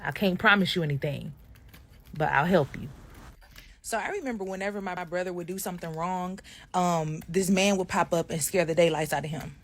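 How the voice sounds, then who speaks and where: A woman from Detroit, USA, tells her followers a true ghost story, chatting directly to viewers and acting out the voices of the people involved. Her voice is lowish and brisk.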